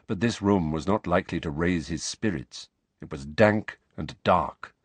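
A man narrating an audiobook in a measured, expressive way, close to the mic. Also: lowish voice, no room sound. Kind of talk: scripted narration.

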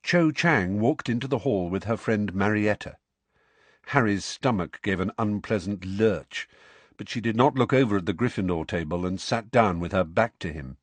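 A man with a fairly low voice reads an audiobook, telling the story expressively at a normal speed. The recording has no echo.

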